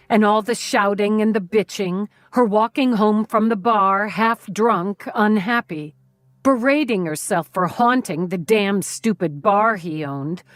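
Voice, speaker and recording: A woman narrating a thriller audiobook in a slow, measured, even way. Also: mid-range voice, no echo, studio quality.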